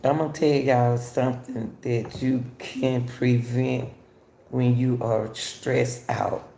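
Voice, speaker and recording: A woman's voice: very deep voice, little pitch movement, takes it slowly, vocal fry, warm tone, echoey room, a little hiss or hum. An older woman, hosting a casual talk for viewers and repeatedly addressing them as y'all. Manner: repetitive, chatty, addresses listeners as y'all. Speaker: host.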